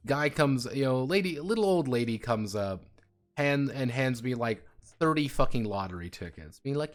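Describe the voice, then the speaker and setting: Lively, swearing male streamer. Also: mid-range voice, moderate pace. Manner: swears freely, laughs hard telling stories. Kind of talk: casual stream chat. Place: home streaming setup.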